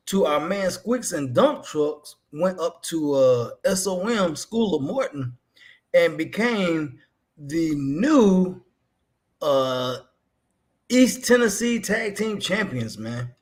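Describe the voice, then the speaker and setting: A man's voice: on the high side, big pitch swings, slow, pauses often. A man from the States, co-hosting a wrestling talk stream in casual chat, drawling, repeating himself and laughing easily. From Southern United States. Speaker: podcast co-host. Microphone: live stream.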